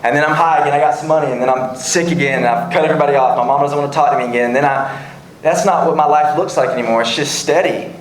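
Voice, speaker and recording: A young man sharing his recovery story at a support meeting, earnest and halting, often restarting his sentences. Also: on the high side, a crowd in the background. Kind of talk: personal testimony at a recovery meeting. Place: meeting room. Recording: echoey room, faint background hum.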